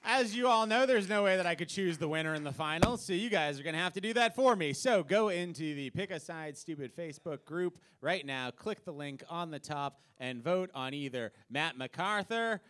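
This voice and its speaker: A man's voice: fairly high pitch, lively intonation, moderate pace, few pauses, a bit bright. A man hosting a live comedy game show on a club stage, upbeat and announcing.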